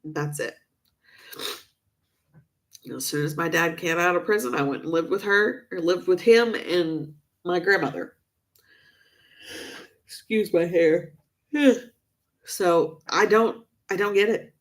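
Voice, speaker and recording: A woman's voice: lowish voice, takes it slowly, long pauses. A woman vlogging to camera, upset and venting emotionally, stressing her points by repeating herself.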